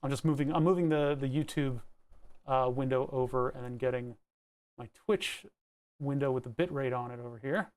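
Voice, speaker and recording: A man's voice: mid-range voice, moderate pace, a little mellow. A man streaming live and chatting casually, reading excerpts aloud and musing over them, with the odd swear. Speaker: livestreamer.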